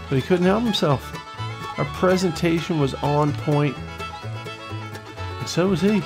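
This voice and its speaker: Excitable gravelly man commenting on gameplay. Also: a little high, a little slow, pauses often, music in the background, rough recording. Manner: excitable, swearing, talks to viewers. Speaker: gaming channel host.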